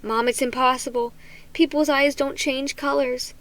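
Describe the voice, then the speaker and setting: A woman's voice: high voice, steady tone, normal speed, a bit bright, rough recording. A woman voicing an anxious, jealous preteen boy who pleads and insists in a storybook reading. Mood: pleading, alarmed.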